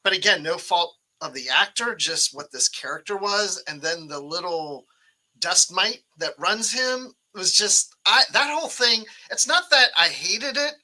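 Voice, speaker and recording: A man chatting on a discussion panel in a very bright, sharp-edged voice, pitched a little high. He rambles and halts, backing up to rephrase his thoughts. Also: expressive, poor audio. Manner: rambling, halting and self-correcting. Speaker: panelist on a fan discussion show. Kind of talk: casual panel chat.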